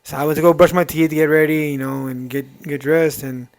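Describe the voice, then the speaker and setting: A young man sharing a painful family memory with his brother, halting and choked up at times. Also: fairly high pitch, fairly even intonation. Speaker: podcast co-host, brother. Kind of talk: emotional personal storytelling.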